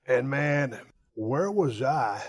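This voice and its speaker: A man hosting a podcast, telling a story with animated, profane energy and bursts of laughter. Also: mid-range voice, extremely slow, slightly rough. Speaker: podcast host. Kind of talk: casual interview chat.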